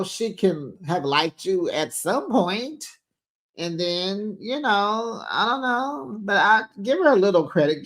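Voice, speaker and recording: A chatty host gives a casual recap of a reality show, acting out the cast's lines as she goes. The voice sits at a middle pitch, and she keeps calling listeners besties and honey. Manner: chatty, retells scenes acting out quotes.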